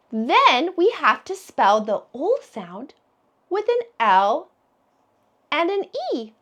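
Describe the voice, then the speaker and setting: A woman teaching a phonics lesson to preschoolers, sounding out letters slowly in a sing-song way. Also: sits high, pushed and bright. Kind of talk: phonics lesson for young children.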